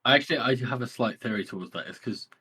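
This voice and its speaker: Podcast guy with a bright voice, tosses in theories and jokes about the book. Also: mid-range voice, quick pace, slightly rough. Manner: offers theories and jokey asides. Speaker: podcast co-host. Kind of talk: casual book discussion.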